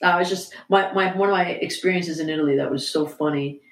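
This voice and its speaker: A woman's voice: deep voice, brisk, echoey room. A woman musician chatting casually as a guest, laid-back and swearing, telling stories with little impressions. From United States. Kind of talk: casual interview chat.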